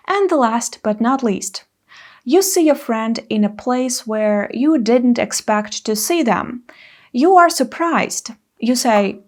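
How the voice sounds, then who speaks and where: A woman in her thirties teaching an English lesson, speaking clearly and carefully and acting out example phrases. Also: on the high side, lively intonation, slow pace, darkish tone.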